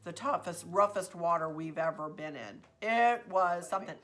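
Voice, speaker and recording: A woman telling a story in a chatty, expressive vlog. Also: lowish voice, normal speed. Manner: chatty, expressive, says "y'all". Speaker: vlogger.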